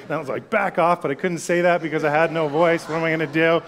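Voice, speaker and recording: A man's voice: a little high, steady tone, quick pace. A man in his thirties preaching a sermon, telling a family story in a conversational way before turning to scripture. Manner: storytelling, conversational, drops to a hush for solemn lines. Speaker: pastor.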